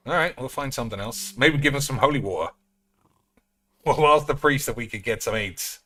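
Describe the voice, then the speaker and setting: Man streaming a game, crude jokes, bright tense voice, casual commentary. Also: mid-range voice, animated, brisk. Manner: crude, joking, addresses viewers as boys.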